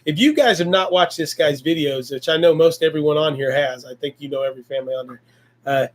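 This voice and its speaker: A man's voice: fairly high pitch, quick pace. A man hosting a homestead livestream, chatting in a folksy, effusive way and handing out praise and blessings. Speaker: livestream host. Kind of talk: casual livestream chat.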